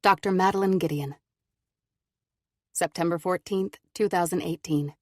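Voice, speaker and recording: A woman narrating an audiobook in a calm, measured first-person telling. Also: fairly low pitch, dry recording, studio quality.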